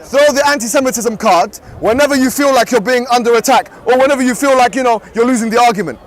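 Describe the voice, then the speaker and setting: Fast, high-pitched British debater arguing outdoors. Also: male voice. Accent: British English. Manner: forceful, mocking, rapid interruptions. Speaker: Muslim debater. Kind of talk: heated street debate. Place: outdoor public speaking park.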